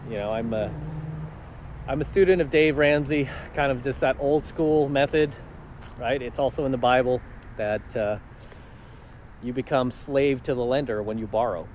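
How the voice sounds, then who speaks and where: A man's voice: medium pitch, moderate pace, long pauses, a little mellow, a little hiss or hum, poor audio. Confident, laid-back male vlogger. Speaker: channel host. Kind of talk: casual vlog storytelling.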